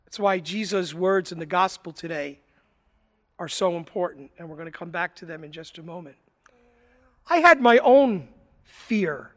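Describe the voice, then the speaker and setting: A man preaching a sermon, telling a joke and a personal story with dramatic pauses and swells. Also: high voice, fairly bright tone, long reverb tail. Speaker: priest. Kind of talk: sermon with told anecdotes.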